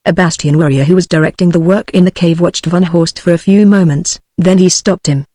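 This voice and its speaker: A text-to-speech British woman's voice giving scripted audiobook narration with even, synthetic delivery. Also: fairly low pitch, brisk, no room sound. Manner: evenly read synthetic delivery. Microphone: studio-clean synthetic audio.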